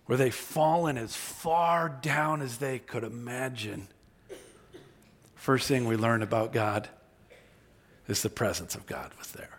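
A man preaching a sermon, reading scripture aloud and acting out the speakers, moving from low, quiet reading to loud, high emphasis. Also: slow pace, pauses often. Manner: acts out voices in scripture and paraphrase.

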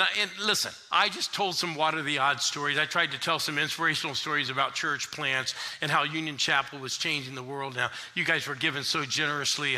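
An older man preaching a sermon, telling stories with animated swells into shouted refrains. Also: a little high. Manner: animated preacher, rising to shouts when retelling another preacher. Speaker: pastor. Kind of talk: sermon storytelling.

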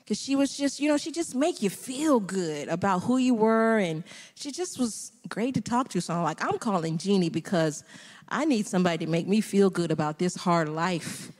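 Speaking as a panel guest at church, a middle-aged woman tells her personal testimony, breaking into frequent laughter. Her mid-range voice is expressive and darkish, her speed normal, and a long reverb tail trails her words.

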